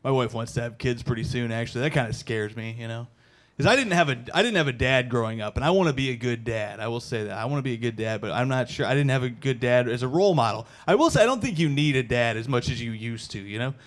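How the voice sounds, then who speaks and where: At a comedy show before a live audience, a man in his thirties performs stand-up on a stage mic, loose and chatty, calling the crowd "dude" and bursting into loud, shouted impressions. His mid-range voice is animated and fast.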